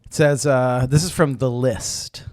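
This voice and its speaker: A man's voice: medium pitch, steady tone, measured pace, darkish tone, no echo. Dry-sounding man hosting a podcast. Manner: jokey, reads out articles. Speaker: podcast host. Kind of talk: casual chat.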